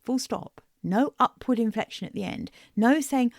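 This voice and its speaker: A woman, a business coach, talks straight to her podcast listeners in a mellow, somewhat high voice with a gravelly edge. She is direct and emphatic and builds her points through repetition. The sound is dry and close. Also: normal speed, dry recording. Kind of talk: solo podcast monologue.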